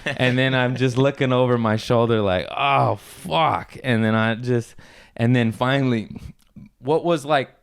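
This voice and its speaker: A man's voice: normal speed, clean tone. A young adult man, a comedian, telling stories in casual chat, swearing freely and acting out the people he talks about. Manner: animated storyteller who acts out others in high squeaky voices, swears often. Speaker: comedian, podcast guest.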